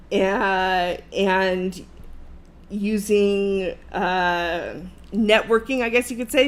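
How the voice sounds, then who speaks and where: A woman in her thirties hosting a livestream, telling a story in a casual, animated, profane way and laughing along the way. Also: mid-range voice. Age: 30s. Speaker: livestream host.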